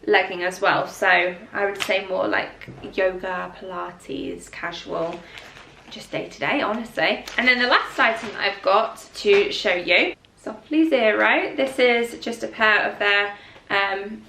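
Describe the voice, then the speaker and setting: A woman's voice: medium pitch, unhurried, gravelly, sharp tone, slight background noise. A woman vlogger in a casual try-on chat, rambling and full of fillers, sounding congested from hay fever. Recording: roomy echo, mic at a distance.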